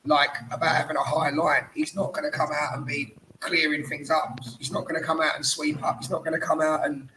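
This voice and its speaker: A man's voice: fairly high pitch, little pitch movement, fairly quick, few pauses, background noise. A tired man hosting a casual, banterous football chat podcast. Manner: chatty, banterous. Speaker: podcast host.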